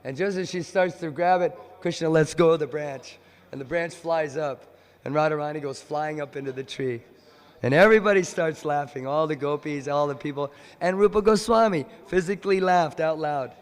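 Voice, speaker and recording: A man's voice: fairly high pitch, moderate pace. Man telling devotional stories in a temple hall. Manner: animated storyteller who acts out the voices in his stories. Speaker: visiting speaker at a temple. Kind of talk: devotional lecture with storytelling. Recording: long temple hall reverb.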